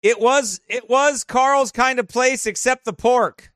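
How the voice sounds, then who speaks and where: A man with a strikingly high, bright voice tells casual stories while flipping through his photos. He is animated, laughs often, and the sound is dry and close. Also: slow, dry recording. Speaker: vlogger showing travel photos. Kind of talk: casual storytelling.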